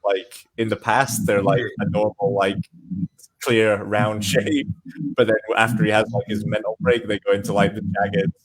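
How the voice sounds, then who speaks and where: A man speaking as a podcast guest in casual chat, loose and relaxed, often filling with "like". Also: lowish voice, moderate pace, slightly rough, poor audio.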